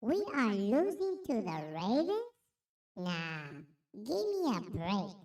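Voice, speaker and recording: A squeaky, whiny voice. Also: male voice, wildly swooping pitch, takes it slowly, a little mellow, echoey room, distant mic, full character voice. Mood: exasperated. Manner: exaggerated, whiny outbursts. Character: squeaky high-pitched voice-changer voice, excitable. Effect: voice changer, high-pitched.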